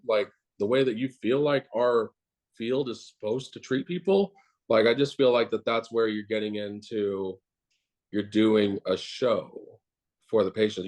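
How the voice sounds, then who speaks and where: A man's voice: on the low side, a little mellow. Blunt, profane man dentist. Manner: blunt, rambling, profane, with many fillers. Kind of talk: casual interview talk.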